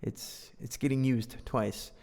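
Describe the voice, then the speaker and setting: A man's voice: mid-range voice, steady tone, takes it slowly, gravelly, a little mellow. A man reading a children's story aloud to learners, joking and teasing himself between lines in a playful way. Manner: playful, joking, self-deprecating. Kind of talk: casual read-aloud with commentary. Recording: long reverb.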